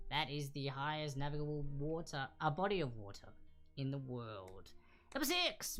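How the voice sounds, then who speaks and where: A woman hosting a casual live online trivia quiz, chatting and repeating each answer slowly and clearly. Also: medium pitch, fairly bright tone.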